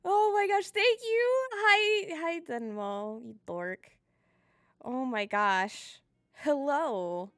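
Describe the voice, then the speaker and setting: A woman live-streaming from home, chatting casually and excitably with her viewers, giggling often and gushing thanks into a desk microphone. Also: high-pitched, very slow, dry recording, clean studio sound.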